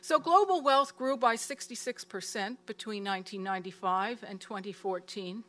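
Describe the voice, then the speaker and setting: A woman giving a prepared presentation of a research report in a steady, measured way. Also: mid-range voice.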